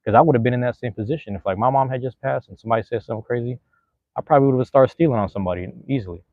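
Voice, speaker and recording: A man's voice: medium pitch, rapid-fire, no echo, phone-quality sound. A man hosting a podcast in a casual, rambling way, full of slang. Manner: slangy, rambling, laid-back. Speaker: podcast host.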